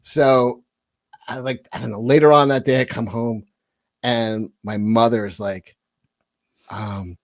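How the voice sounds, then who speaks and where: A man tells crude stories for a comedy podcast, cursing freely and rambling through them with laughter. His voice sits at a middle pitch. It is recorded close, with a dry, dead sound. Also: fairly even intonation, measured pace, no echo. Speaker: podcast co-host.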